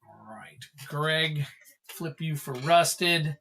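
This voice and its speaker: A man's voice: a little high, very slow, pushed and bright, slight background noise. A man hosting a trading card livestream, chatting casually and thanking viewers by name.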